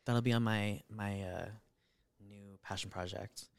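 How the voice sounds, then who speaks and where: A woman's voice: extremely low pitch, fairly even intonation, unhurried, loud music behind the voice. A woman co-hosting a podcast in casual chat. She is playful, laughs often and lets her words trail off. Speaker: podcast co-host.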